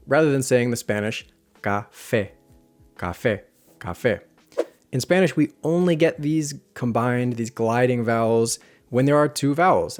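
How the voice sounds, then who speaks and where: Man teaching pronunciation, calm and measured. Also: mid-range voice. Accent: American English. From United States. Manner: clear, deliberate, repeats example words slowly. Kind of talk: scripted online lesson.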